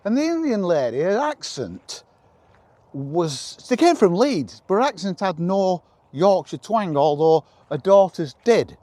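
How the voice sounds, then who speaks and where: A man's voice: high voice, darkish tone. A man vlogging, talking straight to the viewer in an impassioned, emphatic opinion piece, often repeating himself.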